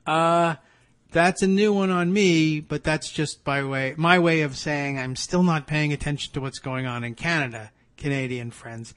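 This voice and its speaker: A man's voice: fairly high pitch, fairly even intonation, moderate pace, a bit bright. A man hosting a political talk podcast, reading news items aloud and breaking off into sarcastic, chatty asides. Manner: sarcastic, chatty asides between read passages. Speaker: podcast host.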